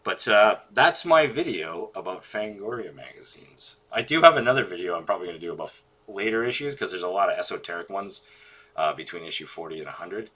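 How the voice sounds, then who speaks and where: A man's voice: deep voice, lively intonation, fairly quick, bright, forceful tone, breathy edge. A man talking casually and enthusiastically about his collection, rambling with many fillers. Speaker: collector vlogger. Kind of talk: casual chat.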